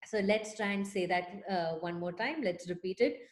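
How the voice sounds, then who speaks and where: A young woman music teacher speaking to children, explaining words slowly with fillers like "um" and "uh". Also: mid-range voice. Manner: sings a greeting song, then explains gently with fillers. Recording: echoey room.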